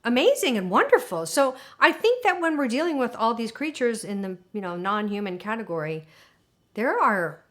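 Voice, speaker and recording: A woman in a documentary interview, telling a personal story in an animated, emotional way with lots of fillers. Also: fairly high pitch, moderate pace. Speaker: interviewee recounting alien contact.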